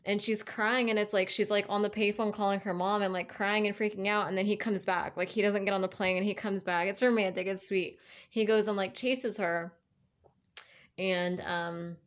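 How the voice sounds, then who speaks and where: A woman's voice: medium pitch, fairly even intonation, moderate pace. A young woman giving a casual tarot reading, rambling along with lots of fillers and restarts. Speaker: tarot reader.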